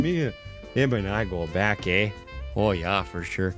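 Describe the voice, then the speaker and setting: A man's voice: lowish voice, lively intonation, moderate pace. A man hosting a casual live stream, tired but upbeat and chatty, laughing often as he thanks subscribers one by one. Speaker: livestreamer. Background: faint background music.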